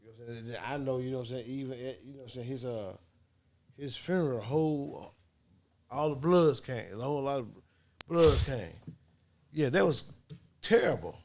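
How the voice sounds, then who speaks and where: A man's voice: medium pitch, a little fast, long pauses, darkish tone. A man co-hosting a casual discussion, talking frankly and often saying "you know what I'm saying". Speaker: podcast co-host.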